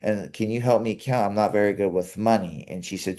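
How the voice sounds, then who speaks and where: A young man co-hosting a casual chat, earnest and halting, often restarting his sentences. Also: fairly low pitch, dark tone. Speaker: co-host.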